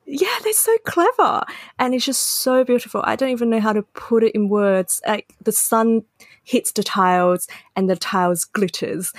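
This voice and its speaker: A woman co-hosting a casual podcast, chatting and explaining her travel memories in a lively storytelling way. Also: medium pitch, normal speed, dry recording, studio quality. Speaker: podcast co-host. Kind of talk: casual chat.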